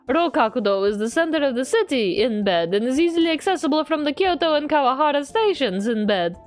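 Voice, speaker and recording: A woman streamer reads game dialogue aloud in a high, lively voice that swoops widely. She delivers it playfully, with jokey asides. Faint music runs in the background. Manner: playful, adds a running joke to every line. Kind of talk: reading game text aloud with jokey commentary.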